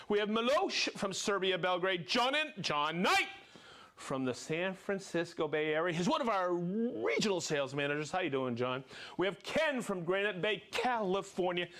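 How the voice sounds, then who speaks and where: A man hosts a live show and calls out viewers one after another, whooping and joking as he goes. His voice sits high and swings widely in pitch. The delivery is exuberant and playful throughout. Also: pushed and bright. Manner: exuberant, playful, whoops and jokes between names. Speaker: host of a live product show. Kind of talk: live-stream viewer shout-outs.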